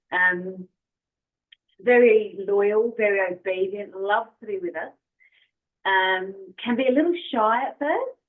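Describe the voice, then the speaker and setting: A woman with an Australian accent, a podcast guest talking about her dog in a friendly, enthusiastic way. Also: mid-range voice. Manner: friendly, enthusiastic, soft-spoken. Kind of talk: casual interview chat. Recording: phone-like remote call audio.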